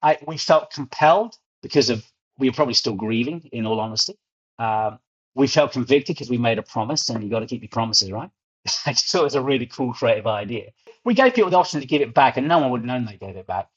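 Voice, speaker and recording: A man's voice: mid-range voice, expressive, fast, breathy edge. A middle-aged man with a London accent, telling stories as an interview guest and often repeating words as he gets going. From England. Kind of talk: storytelling interview. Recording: muffled lo-fi audio.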